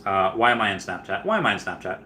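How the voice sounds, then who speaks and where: A man hosting a casual livestream who rambles on, reads viewer comments aloud and breaks into loud, excited bursts. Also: lowish voice, fast talker, slight background noise. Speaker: livestream host.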